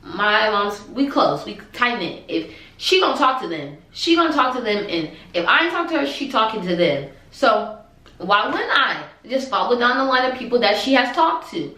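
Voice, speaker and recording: A woman vlogger telling a casual storytime with excited, animated energy and quoted dialogue. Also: on the high side, moderate pace. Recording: roomy echo.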